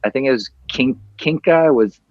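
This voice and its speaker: A man's voice: mid-range voice, brisk, a little mellow, dry recording, dull audio. A man in his forties hosting a podcast over a video call, telling a long, rambling story and acting out the quoted lines. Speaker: podcast host.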